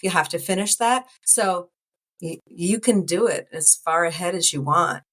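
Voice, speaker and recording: A woman's voice: fairly low pitch, moderate pace. American woman in her sixties, chatty. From United States. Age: 60s. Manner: warm, rambling, laughs often. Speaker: midwife guest. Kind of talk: casual interview.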